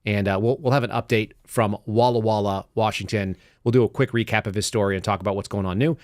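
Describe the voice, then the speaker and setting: A man's voice: fairly low pitch, steady tone, fast talker, a little mellow, dry recording, clean studio sound. A man hosting a live commentary show in a loose, chatty way, often laughing and restarting his sentences. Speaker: podcast host. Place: home studio set.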